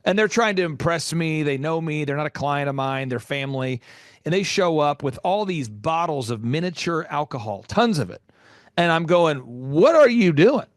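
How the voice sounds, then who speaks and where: A man in his forties hosts a business podcast in a slightly high voice. He hammers his points home, repeats himself for emphasis and shoots up in pitch when something shocks him. The recording is close and dry. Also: expressive, normal speed, no room sound. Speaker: podcast host, business coach. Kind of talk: animated interview talk.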